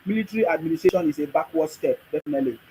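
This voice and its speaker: This is a man with a Nigerian accent and a noticeably high voice, hosting a live stream. He speaks emphatically, repeats his points, and talks back to his viewers' comments in a preachy way. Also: expressive, racing, darkish tone, a little hiss or hum, low-quality recording. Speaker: livestream host.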